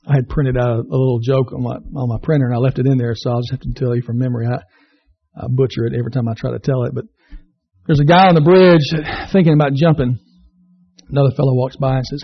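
A man's voice: medium pitch, fairly even intonation, quick pace, dull audio. A man preaching a sermon in a conversational, self-deprecating way, mixing jokes with scripture. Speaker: pastor.

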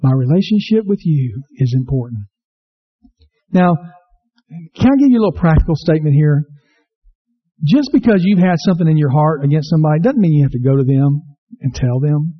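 Speaking a little fast in a husky voice, a pastor earnestly preaches, going over the same lines again and quizzing his congregation. It's a low-fidelity recording with a slightly dull sound.

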